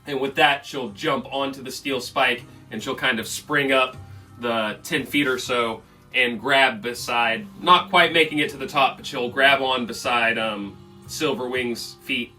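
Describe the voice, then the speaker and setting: A man runs a tabletop game as game master, narrating the action in a casual, loose way with fillers. His voice is bright and forceful. He sits a bit back from the mic, with faint music playing behind him. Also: mid-range voice, measured pace, recorded from a distance.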